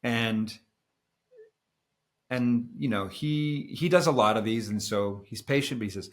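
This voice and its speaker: A middle-aged man co-hosting a podcast, telling a travel story in a relaxed, rambling way. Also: medium pitch, a little slow, long pauses. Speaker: podcast co-host. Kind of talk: casual storytelling chat.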